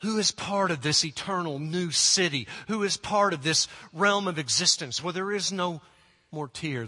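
A man preaching a sermon, earnest and emphatic, slowing down and dropping to a hushed, prayerful tone at times. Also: mid-range voice, in a large hall.

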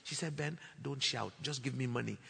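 A man preaching a sermon, telling a story and acting out the dialogue, building to loud declarations. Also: medium pitch, a little fast, vocal fry, husky. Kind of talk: sermon testimony. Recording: long hall reverb.

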